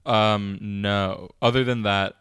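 A young adult man co-hosts a podcast, chatting casually and rambling with plenty of fillers and self-mocking jokes. His fairly low voice stays steady in tone and unhurried, sounding a bit bright and smooth. The recording is dry and studio quality.

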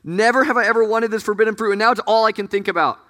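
A yearning young woman thinks aloud, earnest and unsure, as a man puts her on. The voice rides high and bright. It rings through a reverberant hall. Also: racing. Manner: earnest, wondering inner monologue. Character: doubting young woman in the garden, longing. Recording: echoey hall.

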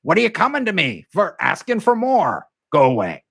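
A man's voice: high-pitched, wildly swooping pitch, moderate pace, creaky, fairly bright tone, breathy edge, pitched above the performer's own voice, full character voice. A man imitating an impatient male film producer who brushes him off. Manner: curt and dismissive.

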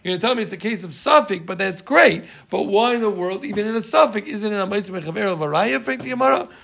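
A high-pitched man with a gravelly edge to his voice teaches a Talmud class. He talks in an animated, emphatic way, repeating key points over and over and ribbing his students. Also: fast talker.

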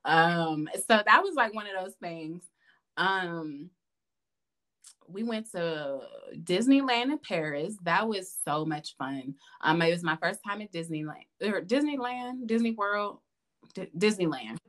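A woman, a podcast guest, chatting casually and telling lively stories with lots of laughter. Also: lowish voice, unhurried. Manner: animated, laughing, calls listener "girl". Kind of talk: casual storytelling chat.

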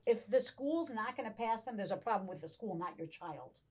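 Animated middle-aged woman telling stories. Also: fairly high pitch, a little fast. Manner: animated storyteller, acts out quotes. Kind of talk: casual chat.

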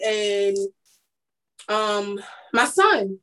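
Candid young woman, high voice. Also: moderate pace, slight background noise, rough recording. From East Baltimore, Maryland. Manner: candid, rambling, many restarts. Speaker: guest, makeup artist. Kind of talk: casual interview chat.

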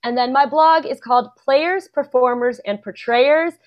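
A woman's voice: high-pitched, normal speed, dull audio. A young woman from Texas, chatting casually as a podcast guest, giggly and self-deprecating. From San Antonio, Texas.

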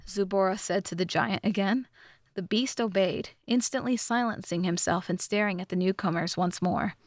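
A woman reads a fantasy story aloud as an audiobook narrator, steady and measured in a middle register. The recording is close and dry, with no room around her. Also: mid-range voice, no room sound. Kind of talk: scripted narration.

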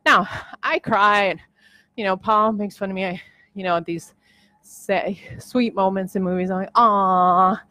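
Excitable woman vlogging, dry close sound. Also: mid-range voice, moderate pace, no room sound. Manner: excitable, emotional, rambling with many restarts. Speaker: podcast host. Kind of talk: casual vlog monologue. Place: at home on a treadmill.

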